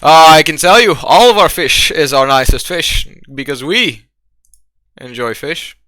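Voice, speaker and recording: Man playing a booming, fawning tavern keeper, high and bright, crisp dry sound, over-polite haggling patter. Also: expressive, measured pace, no echo.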